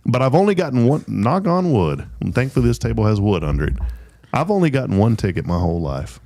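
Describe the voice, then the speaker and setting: A middle-aged man hosting a talk show, telling rambling stories in a casual, animated way. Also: mid-range voice, fast talker, creaky. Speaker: host. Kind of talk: casual storytelling.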